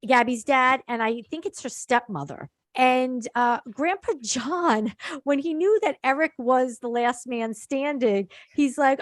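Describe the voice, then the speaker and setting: A high-voiced woman co-hosts a relaxed recap show, recorded close with a dry sound. She is chatty, agrees readily and retells scenes by quoting people in their own voices. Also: unhurried, few pauses, no room sound. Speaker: podcast co-host. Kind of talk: casual chat recapping a reality show.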